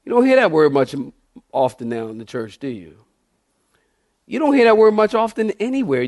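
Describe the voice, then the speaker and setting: A man's voice: high-pitched, big pitch swings, moderate pace, pauses often, a little mellow, no echo, clean studio sound. A middle-aged man preaching a sermon as pastor, emphatic, repeating key phrases and asking the congregation questions.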